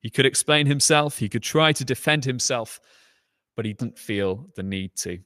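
A man's voice: moderate pace, a bit bright, no echo. Conversational male preacher, dry sound. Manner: conversational, acting out quoted lines with rising pitch. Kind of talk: sermon.

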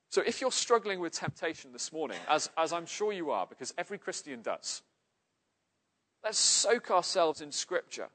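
A man's voice: on the high side, fairly bright tone. A man from Cardiff preaching a sermon in an earnest, emphatic way. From Cardiff, Wales.

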